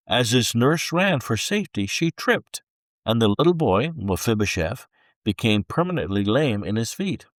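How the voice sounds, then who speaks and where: A man with a fairly low voice reads a book chapter aloud, letting his pitch rise and fall in a lively, expressive way. The recording is dry and close, with no room sound around him. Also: dry recording. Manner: expressive, unhurried storytelling read. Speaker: book reader.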